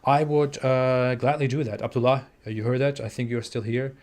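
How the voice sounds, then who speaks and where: A man in his twenties with a German accent, hosting a live stream and reading out viewer super chats, talking in a halting way with many fillers and restarts. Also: medium pitch, steady tone, darkish tone. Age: 20s. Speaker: livestream host. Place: home in the US Midwest.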